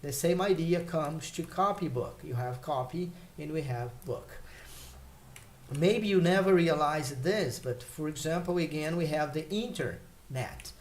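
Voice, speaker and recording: A man teaching English vocabulary in a relaxed, explanatory way, pausing with fillers and checking in with "okay?" and "right?". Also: fairly high pitch. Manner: explains slowly with many fillers and check questions. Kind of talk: casual spoken lesson.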